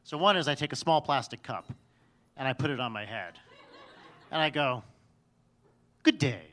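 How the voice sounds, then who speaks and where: A man telling a funny personal story live on stage, swinging between loud bursts and quiet, dry asides. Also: medium pitch, moderate pace. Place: stage before an audience.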